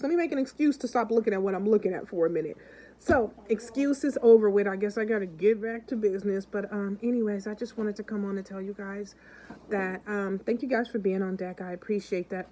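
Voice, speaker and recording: A woman's voice: mid-range voice, dark tone, poor audio. A woman vlogger chatting casually with her viewers and telling stories, acting out the people in them. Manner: chatty, keeps calling out to the viewers. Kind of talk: casual chat and storytelling to viewers.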